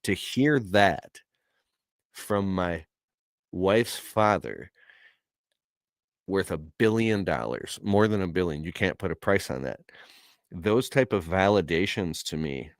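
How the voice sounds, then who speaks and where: Earnest low-voiced man. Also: lively intonation, slow pace, long pauses, no room sound. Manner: earnest and emotional, with casual slang. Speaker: podcaster telling a personal story. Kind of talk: casual heartfelt talk.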